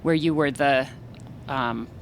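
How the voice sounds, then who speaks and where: A woman's voice: rumbling low, slow pace, a little hiss or hum, rough recording. An American woman hosting an interview, asking questions in an eager, chatty way. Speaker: interview host. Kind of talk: casual interview chat.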